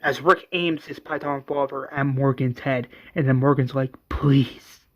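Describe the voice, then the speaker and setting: A man's voice: mid-range voice, steady tone, normal speed, muffled recording. A man casually retelling a story scene by scene, rambling with fillers and self-corrections. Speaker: narrator.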